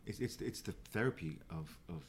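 A man telling a story in casual podcast chat as a guest, animated, restarting his sentences and swearing freely. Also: deep voice, brisk, slight background noise.

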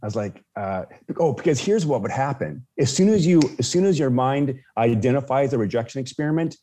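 Halting storytelling man, mellow voice. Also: mid-range voice, lively intonation, a little hiss or hum. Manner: halting, many restarts and fillers. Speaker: podcast guest. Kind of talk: casual storytelling.

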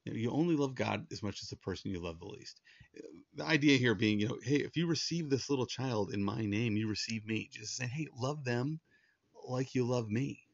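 A man's voice: mid-range voice, fairly quick, creaky, dry recording, highs cut off. A man preaching a sermon in an earnest, conversational way, often restarting his sentences. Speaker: pastor.

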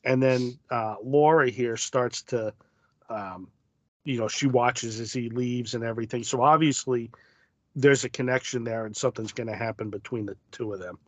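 A man co-hosting a podcast in relaxed, thoughtful casual chat. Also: mid-range voice, normal speed, dry recording. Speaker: podcast co-host.

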